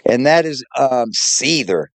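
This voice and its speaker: A man's voice: mid-range voice, expressive, slow pace, no room sound. Profane, mocking man reacting to clips. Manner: profane, mocking, laughs often. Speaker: reaction channel host. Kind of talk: casual reaction commentary.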